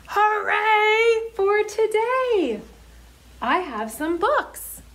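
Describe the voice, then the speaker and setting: Woman voicing a storybook owl, small, playful, sing-song, high, very lively. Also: extremely slow, heavily acted. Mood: cheerful. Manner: sing-song, soft and hushed when saying goodnight. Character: small cheerful female owl who loves to play.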